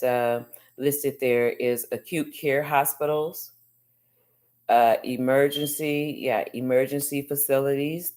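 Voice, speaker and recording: A woman teacher going over chapter questions with a student, repeating each answer slowly and encouraging with many mm-hmms. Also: rumbling low, darkish tone. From United States. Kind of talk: class review of chapter questions.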